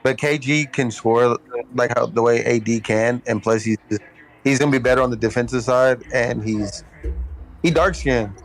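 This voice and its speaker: A man co-hosting a casual sports podcast, laid-back and thinking out loud as he weighs players. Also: mid-range voice, normal speed, low-quality recording. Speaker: podcast co-host.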